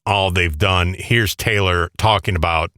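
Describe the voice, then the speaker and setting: Deep-voiced male news host. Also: steady tone, a little slow, pushed and bright, no echo, clean studio sound. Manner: conversational, introducing clips. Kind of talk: news presenting.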